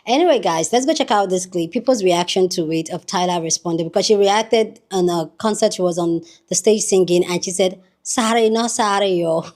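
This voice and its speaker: A woman's voice: fairly low pitch, fairly quick, few pauses, a little mellow. A woman hosting her own channel, chatting upbeat and straight to her viewers. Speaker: vlogger host. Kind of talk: casual commentary.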